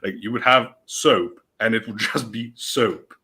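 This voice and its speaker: A man with a low but very bright, forward voice rambles cheerfully in casual chat. He jokes his way through stories and laughs often. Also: measured pace, vocal fry, a little hiss or hum. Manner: rambling, jokey, laughs easily. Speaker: stream host. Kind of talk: casual chat on a group stream.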